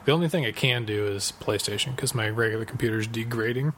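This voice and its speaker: Man, medium pitch, casual podcast co-host, easygoing. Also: fast talker, a bit bright, a little hiss or hum. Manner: easygoing, lots of agreeing murmurs. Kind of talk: casual chat.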